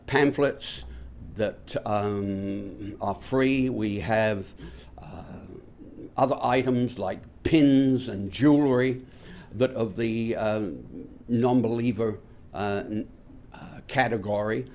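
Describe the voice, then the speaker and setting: A man hosting a talk show, speaking to viewers in a halting, unscripted monologue full of fillers with wry, sardonic asides. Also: on the low side, darkish tone, a little hiss or hum. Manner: halting, many fillers and restarts. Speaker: host of a nonbeliever talk show.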